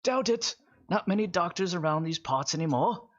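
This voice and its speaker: A man's voice: high-pitched, expressive, moderate pace, fairly bright tone, lo-fi sound, pitched above the performer's own voice. Man doing a hearty old village chieftain. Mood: boastful, skeptical. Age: older. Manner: exclaiming, hearty and effusive.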